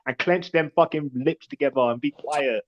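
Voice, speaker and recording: A man's voice: a little high, normal speed. A man in casual live panel banter, fired up, swearing and chanting slogans. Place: live online audio panel. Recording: dull lo-fi online call audio.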